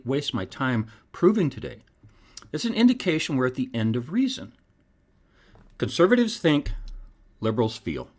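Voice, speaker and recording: Animated man with a preacherly lilt. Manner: emphatic, preacherly delivery with wide pitch swings. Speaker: podcast host. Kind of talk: scripted commentary.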